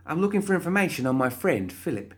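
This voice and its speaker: A man's voice: a little high, very animated, quick pace, voice pushed up. A man voicing a cheerful, prim undead young woman, talking in a chirpy, sweetly indignant way in a storybook reading.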